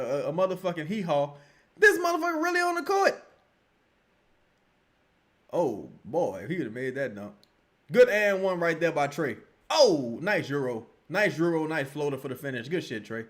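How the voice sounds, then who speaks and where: A man reacting live to a basketball game and reading chat, with loud, profane, exasperated outbursts. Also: high voice. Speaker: sports streamer reacting live.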